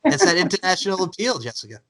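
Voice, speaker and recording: A man's voice: sits high, sing-song, fast, over a noisy crowd. A man hosting a podcast interview, effusive and full of compliments for his guest. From United States. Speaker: podcast host. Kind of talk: casual interview chat.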